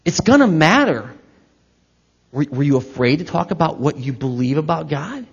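Gravelly and husky yet sing-song, a fairly high-pitched man preaches at a moderate pace. He's a pastor speaking to his congregation in a church hall, conversational with asides and direct questions, recorded with echo and a slightly dull tone.

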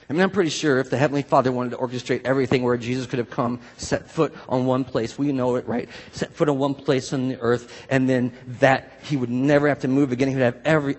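A man preaching a sermon in a conversational, animated way, acting out voices of people he quotes. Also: medium pitch, breathy edge. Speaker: pastor. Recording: long hall reverb.

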